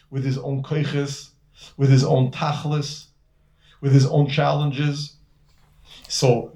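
A rabbi teaches a class, giving a conversational Torah lecture packed with Hebrew, terms, and repeated words. His voice is fairly high-pitched with a darkish tone.

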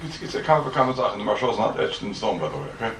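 A man's voice: on the low side, very animated, rapid-fire. A man teaching a Talmud class to students, firing rhetorical questions and repeating his phrases for emphasis. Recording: echoey room, mic far off, faint noise.

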